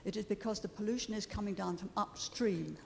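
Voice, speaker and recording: A woman's voice: mid-range voice, brisk, vocal fry, darkish tone, a little hiss or hum. Woman, middle-aged, earnest public statement with hesitations, echoing chamber. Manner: earnest, hesitant with frequent ums. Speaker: water campaigner addressing a committee. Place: large meeting chamber.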